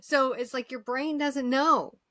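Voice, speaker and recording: A woman's voice: sits high, steady tone, a little slow, a bit bright, dry recording. Woman, podcast host, enthusiastic, casual chat, repeats herself, dry close sound.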